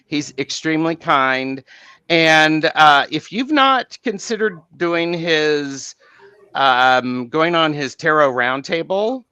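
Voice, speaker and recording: Man with a forceful, dry voice chatting. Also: on the high side, clean tone, dry recording. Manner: measured, friendly, praising others with many fillers. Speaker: guest. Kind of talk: casual chat.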